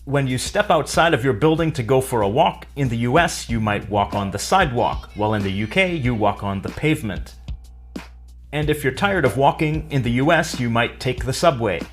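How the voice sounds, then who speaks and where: A man walks through an English lesson in a clear, methodical way. He slips in some dry humor, and his pitch sits at an average level. Faint music plays behind him. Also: animated, normal speed. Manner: clear, explanatory, dryly humorous. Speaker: English teacher. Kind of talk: scripted educational narration.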